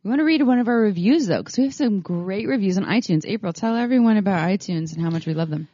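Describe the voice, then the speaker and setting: A woman co-hosting a sex podcast in casual chat, talking haltingly with many fillers and restarts. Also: mid-range voice, lively intonation, dark tone. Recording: dry, dull lo-fi sound.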